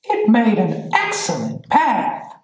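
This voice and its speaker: A woman reading a children's picture book aloud in a slow, sing-song, expressive way. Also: fairly high pitch, a little hiss or hum. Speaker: children's storyteller. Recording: echoey room.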